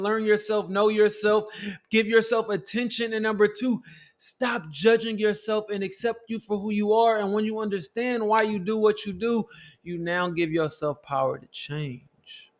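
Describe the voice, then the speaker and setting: High-voiced man giving a fervent motivational talk. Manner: preachy, repeats "family" and "look", builds to shouting climaxes. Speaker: motivational teacher.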